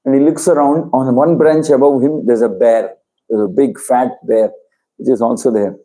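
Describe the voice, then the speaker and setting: A man's voice: mid-range voice, normal speed, rough recording. A man, preaching to a congregation by telling a story and voicing its characters in turn. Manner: animated storyteller, voices characters in quotes. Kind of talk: storytelling sermon.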